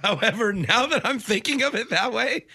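A jokey man co-hosting a radio show who laughs easily and pokes fun at himself. His voice is bright and forward, with a pitch that jumps around a lot. The recording is close and dry. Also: expressive, normal speed, breathy edge, dry recording. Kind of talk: casual radio banter.

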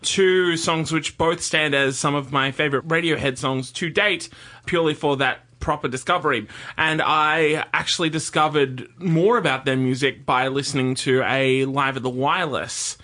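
Bright-voiced man, enthusiastic. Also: a little high, steady tone, normal speed. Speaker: podcast co-host. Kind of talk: casual chat about music.

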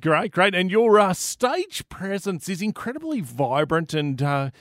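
A man's voice: sits high, big pitch swings, unhurried, no echo, studio quality. A man hosting a casual chat interview podcast, laughing often and stumbling over his words. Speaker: podcast host.

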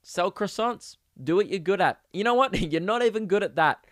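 A man's voice: high-pitched, animated, moderate pace, fairly bright tone, no echo. A young Australian man hosting a podcast, telling a story as a sarcastic, exasperated comedic rant. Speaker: podcast host.

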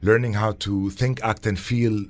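A man's voice: fairly low pitch, steady tone, measured pace. A man speaking as an interview guest, earnest and heartfelt, with a reflective, spiritual tone.

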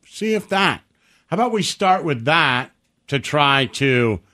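A male co-host with a bright, sharp voice delivers sarcastic asides in casual talk. His pitch swings widely and sits a bit high. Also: very animated, measured pace. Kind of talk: casual chat.

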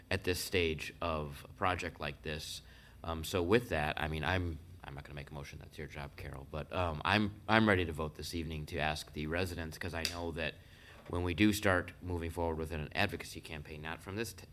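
A councilman speaks at a public meeting in a very deep voice. His delivery is conversational and loose, with fillers and restarted phrases. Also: fairly bright tone, a little hiss or hum. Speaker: city councilman.

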